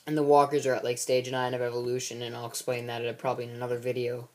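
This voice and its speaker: A man's voice: mid-range voice, monotone, quick pace, a little mellow. A man casually recapping the plot of his own film series, rambling with many fillers and restarts.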